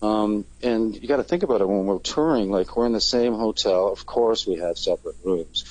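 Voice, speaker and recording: A man's voice: lowish voice, brisk, a little mellow, no room sound, low-quality recording. A man, a touring band's singer, chatting casually in an interview and rambling with many fillers and restarts. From Canada.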